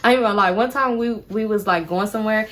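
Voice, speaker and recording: A young woman telling a storytime vlog, animated and profane as she talks to viewers. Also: mid-range voice, fast talker. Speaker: vlogger.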